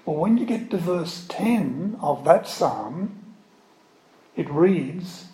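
A man preaching a sermon at a slow, unhurried pace. His voice is mellow and a little higher than most men's. He explains words patiently, with asides, in an echoey room with faint background ambience. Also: expressive.

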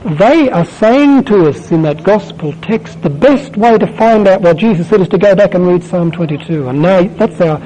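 A man preaching a sermon, asking the listeners question after question and swelling louder on key words. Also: sits high, animated, moderate pace, few pauses, poor audio.

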